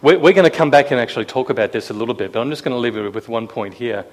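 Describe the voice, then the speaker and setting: A man's voice: medium pitch, expressive, racing. A man preaching to a room full of listeners in an easygoing, conversational way. He keeps putting questions to the room and acts out quoted lines with a raised voice. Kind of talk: sermon. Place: room with a live audience.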